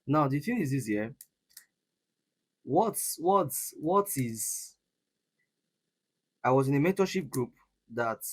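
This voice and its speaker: A young Nigerian man from Edo State, mentoring traders in a live session, emphatic and repetitive, often restarting his sentences. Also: medium pitch. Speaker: forex trading mentor. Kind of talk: live trading session teaching.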